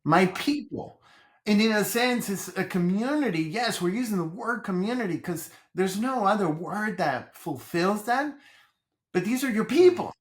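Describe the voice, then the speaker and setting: This high-pitched Colombian man, a business coach, speaks at a moderate pace as a podcast interview guest. He tells his stories animatedly and tends to say the same phrases over again.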